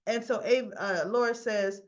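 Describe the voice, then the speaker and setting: A woman's voice: mid-range voice, moderate pace, highs cut off. A woman casually recapping a soap opera episode, retelling scenes in a chatty way with frequent restarts and asides.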